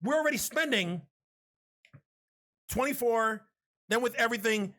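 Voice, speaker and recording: A man with a high, bright voice co-hosts a podcast in loose, casual chat. He rambles from point to point, cracks crude jokes and swears freely, with a ringing edge to his tone. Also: animated, unhurried. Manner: profane, rambling, joking. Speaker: podcast co-host. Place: home podcast setup.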